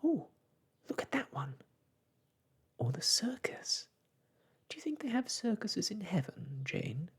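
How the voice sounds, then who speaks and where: A man playing a wide-eyed little boy who asks questions in a high, breathy whisper. It is a storybook child in a whispered role-play, slow and soft. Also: big pitch swings, exaggerated voice. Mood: curious. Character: curious little boy, younger brother.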